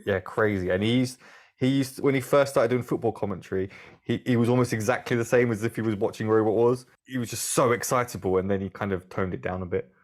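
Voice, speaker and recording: Wry, lower-voiced male co-host. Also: fast talker. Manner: wry, joking asides. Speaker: podcast co-host. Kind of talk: casual chat.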